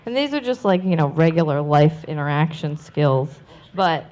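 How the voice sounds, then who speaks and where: A woman's voice: deep voice, lively intonation, moderate pace, darkish tone. Upbeat woman leading a convention panel. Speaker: panel host.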